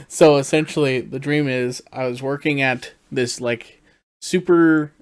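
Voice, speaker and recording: A man co-hosting a podcast in a relaxed way, asking questions and chuckling as he tells a dream. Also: fairly high pitch, slow. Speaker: podcast co-host. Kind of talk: casual podcast chat.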